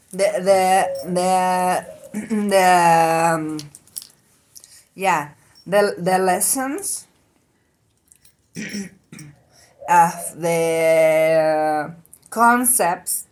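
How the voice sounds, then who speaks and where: Woman, very slow pace, halting casual monologue. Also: mid-range voice. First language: Spanish. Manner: halting, searching for English words.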